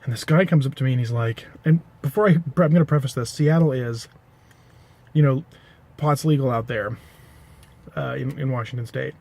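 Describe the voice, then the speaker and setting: A man's voice: mid-range voice, normal speed, gravelly, long pauses, darkish tone. A man casually telling an anecdote to the camera, rambling, correcting himself and adding dry asides. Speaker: pipe-smoking vlogger.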